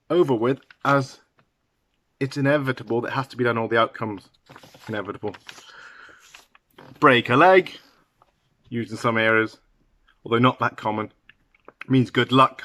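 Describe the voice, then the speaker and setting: A man teaching English idioms to learners, talking slowly and halting now and then with fillers and restarts. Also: mid-range voice, bright, forceful tone, no echo.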